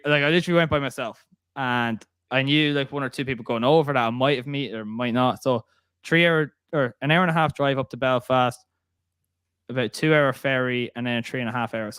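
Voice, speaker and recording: A young man with an Irish accent hosts a casual podcast, telling stories with easy laughter. His voice is smooth and resonant, recorded close and dry with no room sound. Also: medium pitch, fairly bright tone, dry recording. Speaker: podcast host. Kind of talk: casual podcast chat, storytelling.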